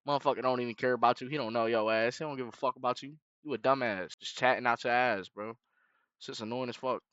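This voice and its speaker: A man's voice: mid-range voice, fairly even intonation, fast talker, a bit bright, smooth, no room sound, dull audio. A young man streaming a reaction, giving blunt, emphatic, profane commentary and tacking "bro" onto his lines. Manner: emphatic, preachy, repeats "bro" and "gang".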